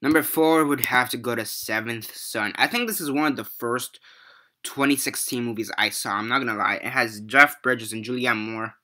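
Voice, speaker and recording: A young man rants about films in a loose, rambling way, swearing often and sounding exasperated. His voice is very bright and sharp, at a middling pitch. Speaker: movie reviewer. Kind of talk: casual ranting review.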